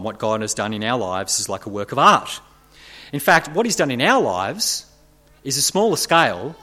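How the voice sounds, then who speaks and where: A man's voice: mid-range voice, a bit bright. A man preaching a sermon to his congregation, earnest and building to emphatic, rising passages.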